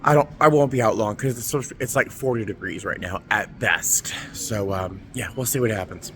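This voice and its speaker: A man's voice: fairly low pitch, normal speed, few pauses, fairly bright tone. A man vlogging outdoors in a windy churchyard, chatty and exclaiming, cold and tired. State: shivering cold. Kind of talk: casual vlog narration.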